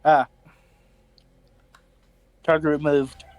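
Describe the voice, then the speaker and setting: A man's voice: a little high, little pitch movement, drawn-out words, darkish tone, dry recording. A man playing a tabletop game, hesitating and checking rules aloud. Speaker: player. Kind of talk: casual tabletop game talk.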